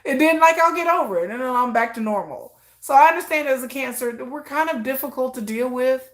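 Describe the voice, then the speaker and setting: A woman's voice: high-pitched, lively intonation, a little fast, a bit bright. A middle-aged woman hosting a livestream, chatting casually in a rambling, self-mocking way. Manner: rambling, self-mocking, acts out both sides of remembered conversations. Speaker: livestream host. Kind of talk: casual chat.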